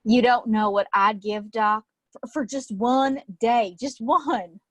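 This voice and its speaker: An anxious, stammering young man talks in a folksy put-on Texan drawl, read by a woman. The voice sits a little high and is recorded dry and close. It is a live play reading. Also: slow, no echo. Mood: nervous. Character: nervous young man with OCD, cowboy twang.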